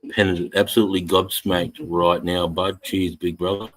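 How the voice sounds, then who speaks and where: Low-voiced and level in tone, an Australian man in his forties runs a casual livestream at normal speed, blunt and sweary as he reads out the chat and calls viewers "brothers." The recording quality is low.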